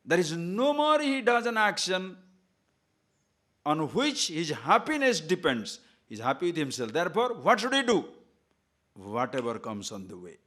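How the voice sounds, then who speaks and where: Emphatic male spiritual teacher, somewhat high. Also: very animated, normal speed, fairly bright tone. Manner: emphatic, full of rhetorical questions; chants verses in Sanskrit. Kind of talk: discourse on scripture.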